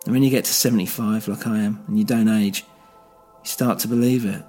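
A man's voice: fairly low pitch, steady tone, mellow, faint music behind. A man voicing a bitter, weary male police officer who rambles and swears in a single-voice audio drama. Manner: rambling, halting, crude.

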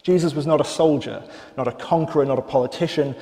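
Guy giving a sermon, kinda high mellow voice, long church echo, stops and restarts a bit. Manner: thoughtful, measured, with fillers and restarts. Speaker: preacher.

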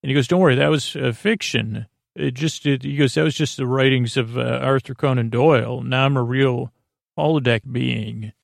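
A man hosting a sleep podcast, slowly recapping a TV episode in a meandering, halting way with many fillers. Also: medium pitch, fairly even intonation, vocal fry, no echo, clean studio sound. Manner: meandering, halting, full of uh and restarts. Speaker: podcast host.

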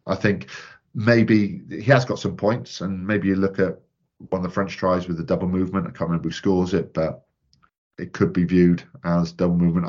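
A man with a very deep voice chats on a podcast in a measured, easygoing way. The recording sounds a little muffled. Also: darkish tone, slightly rough. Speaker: rugby commentator and podcast co-host. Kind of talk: casual chat.

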